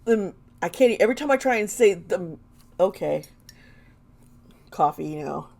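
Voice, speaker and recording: A woman's voice: lowish voice, expressive, normal speed, gravelly, darkish tone. A woman doing an intuitive tarot reading for her vlog, earnest and emotional, often trailing off mid-sentence. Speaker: tarot reader.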